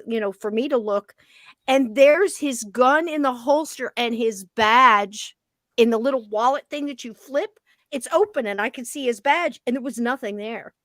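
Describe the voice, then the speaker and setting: A woman hosting a podcast who tells her own story in a lively, casual way, acting out the scene with plenty of "you know" fillers. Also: fairly high pitch, no room sound. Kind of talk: personal story told in casual chat.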